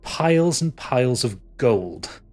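A man narrating a tabletop game as game master, with many pauses and restarts. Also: mid-range voice, lively intonation, darkish tone. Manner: hesitant, full of fillers and restarts.

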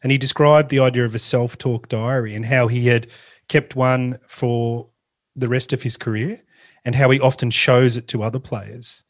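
A man's voice: medium pitch, steady tone, moderate pace. A man hosting a podcast interview. He responds with enthusiasm and asks a long, carefully built follow-up question. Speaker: podcast host.

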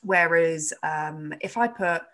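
A chatty woman co-hosting a casual talk show, her voice sitting a little low. She teaches yoga and swears freely in a joking way, laughing often. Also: takes it slowly, a bit bright. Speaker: podcast co-host, yoga teacher. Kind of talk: casual chat.

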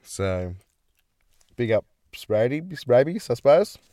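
A man's voice: medium pitch, big pitch swings, takes it slowly, dark tone, no room sound, studio quality. A man, co-hosting a podcast in casual, joking chat full of swearing and teasing. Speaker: podcast co-host.

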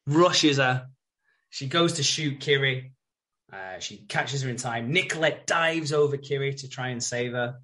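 A man's voice: medium pitch, unhurried, bright, forceful tone. Guy recapping a tv episode on a podcast, chatty, laughs a lot, swears, lots of uhs. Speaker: podcast host.

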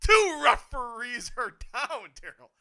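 A man giving excited live wrestling commentary, swinging from hushed muttering to sudden shouts, swearing and laughing often. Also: very high-pitched, a little slow. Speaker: co-host of a wrestling watch-along.

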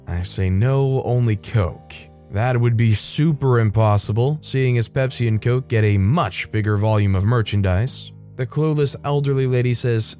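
A man reading reddit stories aloud, with wry asides and quick put-on voices for the people in them. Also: mid-range voice, dark tone, faint music behind. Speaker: story narrator.

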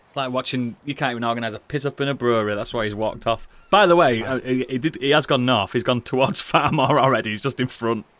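A man's voice: mid-range voice, fast talker, a bit bright, dry recording. British man chatting at the table. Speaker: player. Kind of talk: casual tabletop chat.

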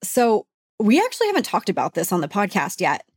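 A woman co-hosts a casual beauty podcast, speaking as a beauty editor. She is chatty and animated. Her voice sits at a middle pitch, recorded dry and close. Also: brisk, slightly rough, no room sound. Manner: chatty and animated, mimics others with exaggerated voices.

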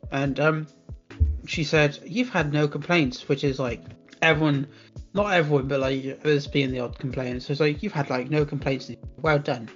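A young man co-hosting a casual chat podcast, talking about work in a relaxed, hesitant way with many ums. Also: on the high side, normal speed, lo-fi sound, faint music behind. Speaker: podcast co-host.

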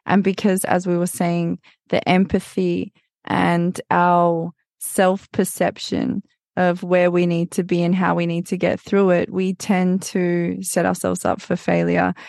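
A woman's voice: lowish voice, completely flat delivery, unhurried, creaky, a little mellow, no room sound, studio quality. A woman guest on a podcast, speaking reflectively and telling her story in a casual conversational way. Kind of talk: casual interview chat.

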